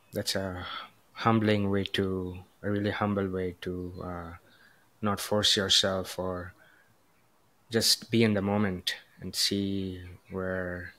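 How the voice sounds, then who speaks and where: A male podcast host with a lowish voice that moves little in pitch. He speaks gently and reflectively, pausing often on "uh" and "um" as he sums up and thanks his guest. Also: level tone. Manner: gentle, reflective, hesitant with frequent "uh" and "um". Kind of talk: casual podcast conversation.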